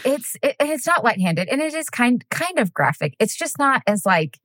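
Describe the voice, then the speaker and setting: A woman's voice: a little high, sing-song, moderate pace, fairly bright tone, dry recording, clean studio sound. A woman in her thirties co-hosting a podcast in casual chat, bubbly and giggly, swearing casually. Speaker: podcast co-host.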